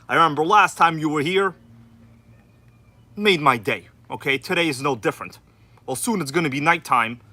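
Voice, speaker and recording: A man from Queens, New York, with a New York accent hosts a casual RC livestream from an indoor room where an air conditioner is running. His voice sits on the high side, bright and forceful, as he greets viewers by name like an exaggerated, hyped announcer.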